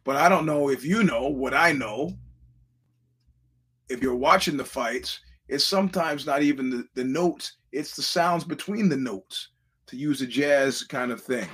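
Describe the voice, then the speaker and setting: Rambling, animated male podcast host. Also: mid-range voice, a little slow, slightly rough. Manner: rambling, animated, acts out quoted voices. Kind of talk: casual storytelling monologue.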